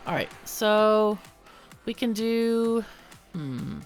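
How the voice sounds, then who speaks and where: A woman's voice: mid-range voice, animated, extremely slow, soft background music. A woman hosting a casual let's-play, chatting through the game with lots of ums and self-corrections. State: hiccuping. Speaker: gaming channel host.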